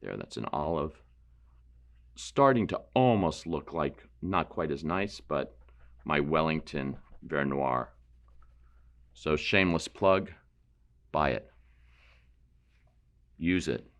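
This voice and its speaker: A man teaching a painting demonstration, explaining terms in a relaxed way and thinking aloud as he works. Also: very deep voice, slow, long pauses. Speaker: painting instructor.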